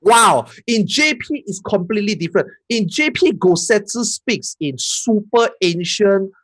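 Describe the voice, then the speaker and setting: A man, a guest on a gaming podcast, explaining things in a lively way with repeated words. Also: high voice, a little slow, no echo. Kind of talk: casual gaming podcast chat.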